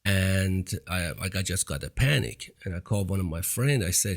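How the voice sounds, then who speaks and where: A man's voice: sits low, normal speed. A man hosting a podcast interview, speaking English as a later-learned language with an accent, often adding "you know" and restarting sentences. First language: not English. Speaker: podcast host. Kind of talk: casual interview chat.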